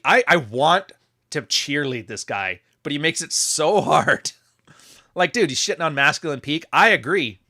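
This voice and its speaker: A man's voice: medium pitch, pushed and bright. A man from Canada giving casual, profane commentary on social media posts, sardonic and full of rambling asides.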